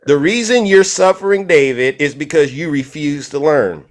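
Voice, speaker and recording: Middle-aged male debate host, high voice, combative, interrupts constantly. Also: normal speed, crowd noise. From California. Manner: combative, repeats the name to interrupt. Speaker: live-stream debate host. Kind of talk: heated political argument.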